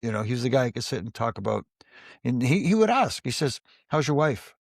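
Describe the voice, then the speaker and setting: Ex-referee guest, male, gravel in the voice, dry close sound, spins anecdotes with acted-out dialogue. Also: medium pitch, sing-song, quick pace, no room sound. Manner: storyteller who acts out quoted dialogue in his tales. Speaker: former wrestling referee, interview guest. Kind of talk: casual anecdotal storytelling.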